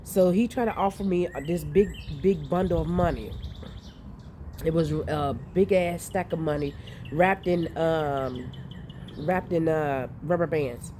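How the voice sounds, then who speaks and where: A woman with a slightly low, mellow voice tells a story casually outdoors. She talks in an animated way, swears freely and laughs often. Faint rain and outdoor sounds are heard in the background. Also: unhurried, a little hiss or hum. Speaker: vlogger recounting dreams. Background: rain and outdoor ambience.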